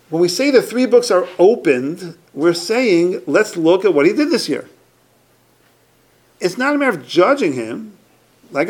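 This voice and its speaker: Lively, gravelly man teaching a Torah class. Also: high-pitched. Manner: emphatic, repeats points, asks and answers his own questions.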